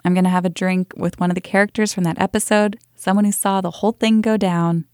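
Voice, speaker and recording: A woman's voice: medium pitch, fairly even intonation, quick pace, a little mellow, no echo, clean studio sound. A woman hosting a podcast interview, talking in a candid, reflective way. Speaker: podcast host.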